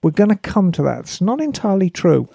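A woman's voice: mid-range voice, sing-song, fairly quick, vocal fry, mellow, husky, no room sound, studio quality. A woman co-hosting a casual podcast chat, wry and chatty as she reads out listener letters. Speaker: podcast co-host.

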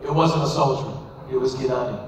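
A man's voice: mid-range voice, a little fast, a little mellow, far from the mic, a little hiss or hum. Impassioned man speaking in an echoey hall. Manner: emphatic, impassioned storyteller. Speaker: rabbi speaking to a live audience. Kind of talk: storytelling speech. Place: large hall.

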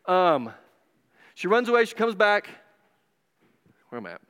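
A man preaching a casual, animated sermon in a church, retelling stories and acting out the voices with quick asides. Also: high voice, clean tone. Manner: animated, digressive, acts out voices. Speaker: pastor. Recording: long hall reverb.

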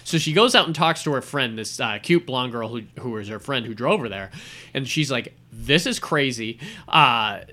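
A man spins a story in casual conversation, slipping into quoted lines as he goes. His voice is bright and forward, and he sounds animated, like he is reliving the scene as he tells it. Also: medium pitch, normal speed. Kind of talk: casual chat retelling a film scene.

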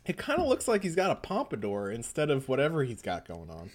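A man's voice: mid-range voice, huge pitch swings, fast, a little hiss or hum. A man co-hosting a casual podcast, joking and laughing as he recaps comic panels. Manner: jokey, laughs often, reads panels aloud in goofy voices. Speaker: podcast co-host. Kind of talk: casual chat recapping a manga.

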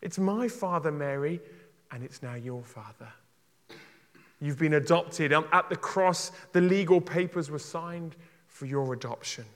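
A pastor preaches a passionate sermon in a church, his fairly high voice fading into a long hall reverb. He moves from loud, urgent calls to quiet, tender pleading, and his pace is a little slow.

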